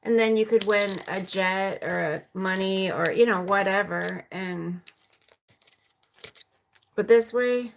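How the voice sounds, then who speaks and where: A gravelly-voiced woman in her forties talks slowly and casually to her livestream viewers, rambling from one thought to the next. The recording carries a clear layer of background noise. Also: mid-range voice, rough recording. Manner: rambling and chatty, talks to viewers as "you guys". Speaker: livestreaming mom vlogger.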